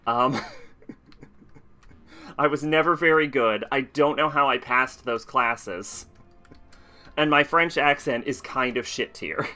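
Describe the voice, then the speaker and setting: A man's voice: mid-range voice, slow pace, pauses often, bright, forceful tone, soft background music. A man streaming a game, talking casually and rambling with frequent laughs. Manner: chatty, rambling, laughs often. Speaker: let's play streamer.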